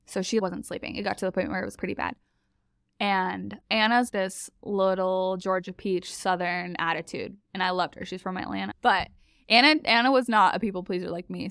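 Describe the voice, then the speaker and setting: A woman recounting a story as a podcast guest, chatty and animated, laughing often. Her mid-pitched voice has a strong vocal fry. She sounds close and dry, with no room around her. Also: no echo. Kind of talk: casual storytelling.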